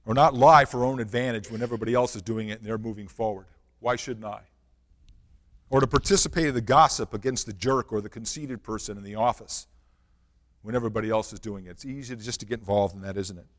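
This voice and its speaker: A man's voice: on the low side, fast, big-room sound. A man preaching a sermon, reading scripture and asking the congregation earnest rhetorical questions. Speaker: pastor.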